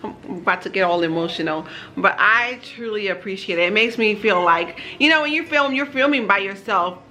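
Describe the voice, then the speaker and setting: Holding a camera in her kitchen, a Georgia vlogger and mom chats casually with viewers, adding warm asides. Her mid-range voice is animated and fairly quick, with soft background music on a low-quality recording.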